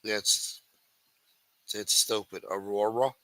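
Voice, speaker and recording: A man with a bright, forceful voice reads news stories aloud and tears into them with crude, mocking asides. His delivery is sarcastic and full of profanity. The sound is close and dry, with no room around it. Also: medium pitch, moderate pace, no room sound, rough recording. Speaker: livestream show host. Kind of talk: reading news articles aloud with commentary.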